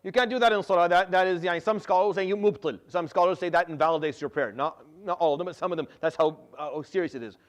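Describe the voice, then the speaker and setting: A quick, high-voiced middle-aged man teaching a Quran lesson. He talks in an animated rush, restarting and repeating words and dropping in Arabic terms as he explains. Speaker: Quran teacher giving tafsir. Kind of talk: religious lesson.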